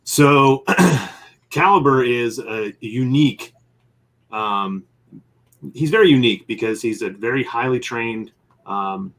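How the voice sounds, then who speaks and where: Here the comic publisher and game master guest speaks slowly, his mid-range voice fairly bright. While sketching in a casual interview, he rambles through a lengthy story and acts out bits of what characters said.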